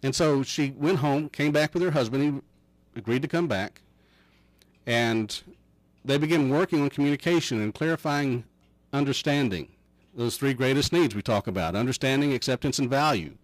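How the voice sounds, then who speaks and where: A middle-aged man, a counselor, talking in a folksy, measured way and telling anecdotes. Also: mid-range voice, no echo, low-quality recording. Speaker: counselor guest. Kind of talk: casual chat.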